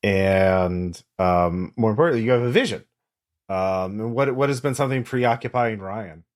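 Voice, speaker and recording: A man narrating as game master in a tabletop game, relaxed, with many pauses and ums. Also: fairly low pitch.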